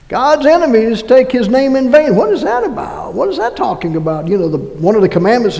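A man preaching a sermon as pastor, reading scripture aloud in an animated way. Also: very high voice, fairly quick, creaky, few pauses, big-room sound, rough recording. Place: church.

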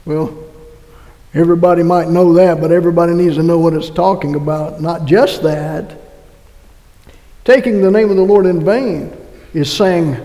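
A man preaching a sermon as pastor, reading scripture aloud in an animated way. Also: a little high, a little slow, pauses often, in a large hall, rough recording. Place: church.

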